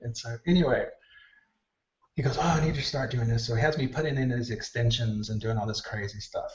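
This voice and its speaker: A man's voice: medium pitch, fairly quick. A man telling backstage stories in an interview, acting out the voices of people he quotes. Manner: animated storyteller, acts out quoted dialogue. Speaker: hair stylist guest. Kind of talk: casual storytelling interview. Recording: distant roomy mic, dull lo-fi sound.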